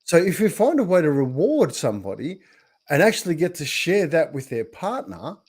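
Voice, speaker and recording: A man's voice: a little high, big pitch swings, moderate pace, darkish tone, slightly rough. Upbeat male podcast host. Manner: encouraging, agreeable, builds points in lists. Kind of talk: conversational interview.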